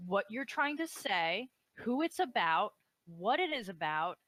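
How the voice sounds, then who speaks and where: A woman's voice: medium pitch, very animated, a little slow, a bit bright, dry recording. A woman on voice chat takes charge of a messy argument, bossy and exasperated, swearing as she cuts people off. Her voice sits in a dry, close sound with no room around it. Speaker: co-host of an online debate stream. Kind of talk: heated casual argument.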